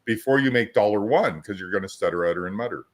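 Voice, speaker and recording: A man's voice: lowish voice, fast talker. A man who hosts a podcast, chatting casually about coaching and acting out both sides of his stories. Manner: storytelling, acts out both sides of dialogues. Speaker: business coach, podcast host.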